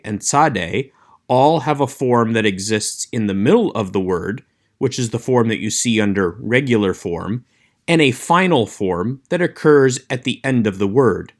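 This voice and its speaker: A man teaching an online Hebrew class, explaining letters in a clear, measured way and slowing down to demonstrate sounds. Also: medium pitch. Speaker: Hebrew instructor. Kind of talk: recorded online lecture.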